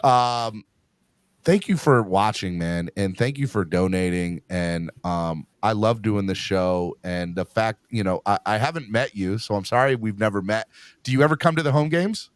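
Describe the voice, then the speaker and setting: A man hosting a fan podcast in an excitable, casual way. He repeats himself and keeps calling people "man" and "bro". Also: lowish voice, normal speed, no echo. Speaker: podcast host. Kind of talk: casual chat.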